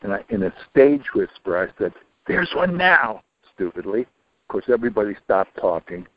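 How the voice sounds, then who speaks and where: A retired older man telling a long personal story in an interview, rambling with many restarts and dropping into low, muttered asides. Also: brisk, no echo. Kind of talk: casual storytelling. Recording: dull lo-fi recording.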